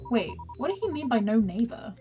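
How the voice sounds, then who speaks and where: Young woman streamer, giggly, self-mocking, bouncy high voice, faint music in the back. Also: sing-song, a little fast, mellow. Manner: giggly, self-mocking, reads game text aloud. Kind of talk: casual gaming commentary.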